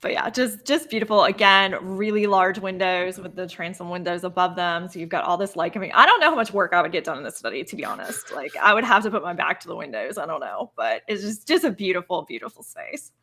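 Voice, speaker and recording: A woman with a bright, crisp voice co-hosts a relaxed live broadcast. She talks with open enthusiasm, heaping praise in an easy conversational way. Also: lowish voice, fast talker, few pauses. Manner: gushing, enthusiastic. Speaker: co-host. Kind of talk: casual live-stream chat.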